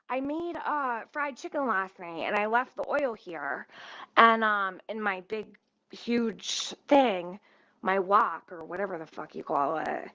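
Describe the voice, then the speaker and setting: A woman's voice: medium pitch, lively intonation, slow pace, a bit bright, no echo. A woman telling a story in a casual, profane rant, swearing often, recorded at home in her kitchen. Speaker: vlogger. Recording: muffled dry home recording.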